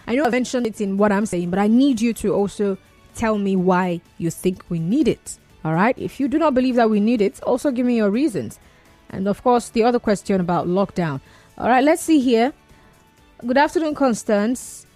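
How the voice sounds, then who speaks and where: A Nigerian woman hosts a call-in radio show, chatting and teasing as she reads listener messages. Her voice sits at a middle pitch. A faint music bed plays under her in the studio. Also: darkish tone, dry recording. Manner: chatty, teasing, quick to react with laughs. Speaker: radio talk show host.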